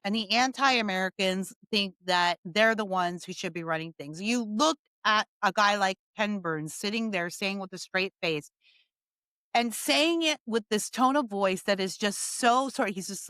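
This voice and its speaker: A woman's voice: medium pitch, moderate pace, a bit bright, clear, resonant tone, no echo. A woman hosting a political opinion monologue, talking emphatically and sarcastically and hammering points by repeating them. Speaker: political commentator host.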